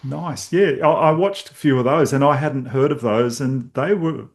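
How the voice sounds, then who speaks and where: A man's voice: medium pitch, normal speed. A middle-aged man, a podcast host telling stories in casual conversation and acting out his own reactions.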